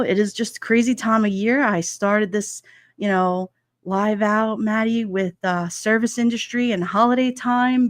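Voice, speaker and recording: A chatty woman hosts a relaxed livestream, reading out viewer comments. She laughs often and talks through lots of fillers at a middle pitch. Her voice is dry and close on a headset mic. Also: dry recording. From Brooklyn, New York. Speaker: livestream host. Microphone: headset mic with headphones.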